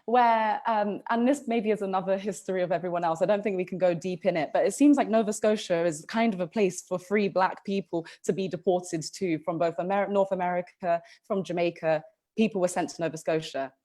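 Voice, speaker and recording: A woman's voice: on the low side, brisk, dark tone. A woman co-hosting a history podcast, telling the story in a casual, chatty way with frequent ums and restarts. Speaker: podcast co-host.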